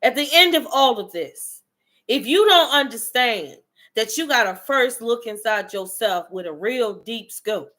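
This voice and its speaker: A woman's voice: a little high, lively intonation, measured pace, a bit bright. A woman giving a fiery motivational monologue, blunt and profane, calling out her listeners directly and preaching tough love. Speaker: motivational speaker.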